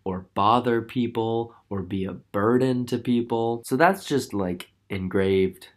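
A man's voice: mid-range voice, measured pace. A man from Minnesota vlogging to a handheld camera while tired and jet-lagged. He rambles, mocks himself and laughs between lines. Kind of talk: casual vlog chat to camera. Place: traveling, indoors and out.

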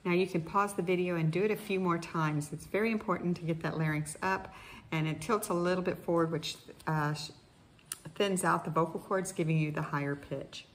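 A middle-aged woman speech therapist calmly leading guided voice exercises, pausing with frequent fillers. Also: fairly low pitch. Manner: calm instructional, with many fillers. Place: indoors in Costa Rica, wind outside.

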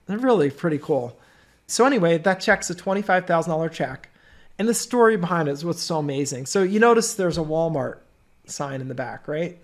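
A man's voice: fairly high pitch, expressive, brisk. A middle-aged man hosting a webinar, telling stories in a chatty way with many asides. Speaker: webinar host. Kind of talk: webinar sales talk.

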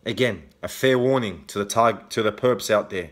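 This angry Australian vlogger's voice is on the low side and a bit bright, at normal speed with few pauses. Ranting confrontationally to camera, he swears heavily and repeatedly ends his points with a challenging "okay?".

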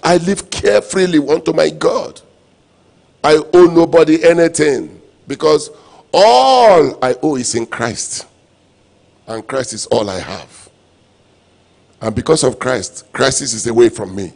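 A male pastor preaching a sermon, repeating refrains and breaking into sudden loud, emphatic lines. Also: fairly high pitch, animated, measured pace, gravelly, pauses often. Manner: preaching with call-and-response phrases and sudden loud emphatic bursts.

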